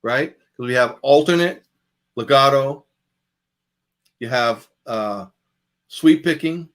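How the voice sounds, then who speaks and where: A man's voice: mid-range voice, takes it slowly, a bit bright. A man giving a jazz guitar masterclass, talking casually and calling out picking strokes as he demonstrates. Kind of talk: masterclass lecture.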